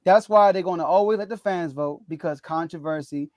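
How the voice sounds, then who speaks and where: Animated high-voiced man ranting about sports. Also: fairly quick, no echo. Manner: laughs often, animated ranting. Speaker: podcast host. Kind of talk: casual sports talk.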